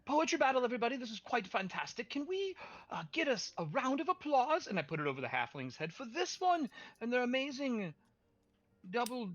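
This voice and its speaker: Lively showy woman playing a tabletop game. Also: on the high side, fairly quick, no room sound, muffled recording. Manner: showy, playful emcee delivery. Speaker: player. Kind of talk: in-character tabletop role-play.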